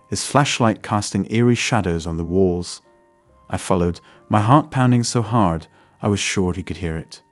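A man narrating a first-person story in a steady, scripted way. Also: lowish voice, no echo.

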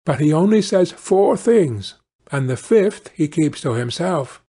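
A man's voice: fairly high pitch, expressive, a little slow, mellow, slightly rough, voice pushed up, exaggerated voice. A man reading a storybook, voicing a cunning little male peasant in an eager, knowing tone. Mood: sly, eager.

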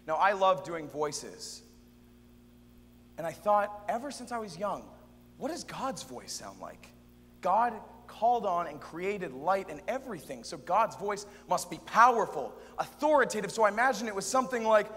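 A man performing a dramatic spoken-word monologue, expressive and shifting between soft and loud. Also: high-pitched, moderate pace, long reverb tail. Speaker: performer in a youth event drama sketch.

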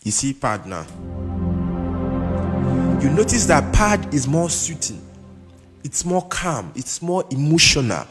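A man teaching keyboard in a casual, halting way, often stopping to check that the listener understands. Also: a little high, big pitch swings. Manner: keeps checking in with "you understand?"; halting, with restarts and repeated words. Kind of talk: casual instructional talk. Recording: long reverb with keyboard music behind.

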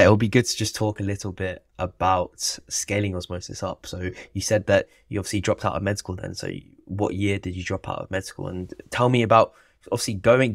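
A man's voice: low-pitched, no echo, clean studio sound. A young man, a medical student hosting a podcast interview, upbeat and encouraging, with restarts and ums. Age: young adult. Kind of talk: casual interview talk.

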